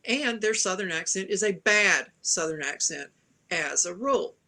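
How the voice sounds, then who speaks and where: A woman's voice: fairly low pitch, animated, moderate pace, sharp tone. A woman from the American South, a panelist giving opinionated film criticism with wry asides in a casual chat.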